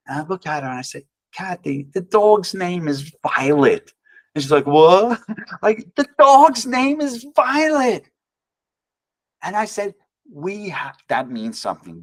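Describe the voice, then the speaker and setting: A man's voice: a little high, fairly bright tone. A man, an author and guest speaker, telling a personal story with wry humor, often restarting and acting out quoted voices. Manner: rambling, self-correcting, acts out quoted voices.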